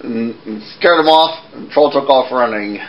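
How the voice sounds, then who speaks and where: A man's voice: medium pitch, normal speed, lo-fi sound, a little hiss or hum. Rambling man telling fairy tales. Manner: rambling, with restarts. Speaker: puppeteer storyteller. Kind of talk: casual storytelling.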